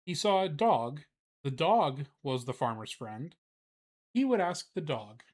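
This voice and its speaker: A man's voice: a little high, very animated, darkish tone. A man on a live stream, chatting casually with lots of fillers before reading a children's book aloud. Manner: casual, filler-heavy, unhurried, swears.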